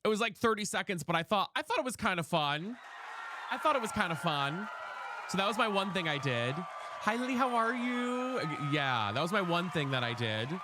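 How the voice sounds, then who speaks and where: A man's voice: high-pitched, very animated, moderate pace, noisy background. A young man streaming from his room at home, chatting casually while he plays, greeting viewers by name and swearing freely. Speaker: live streamer. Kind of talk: casual live-stream chat while playing a game.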